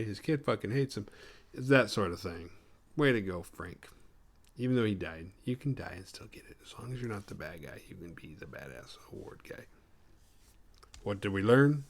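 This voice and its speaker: A man recapping a horror film for his show, swearing casually and jumping into quick voices for the characters. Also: on the low side, animated. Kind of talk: casual comedic retelling.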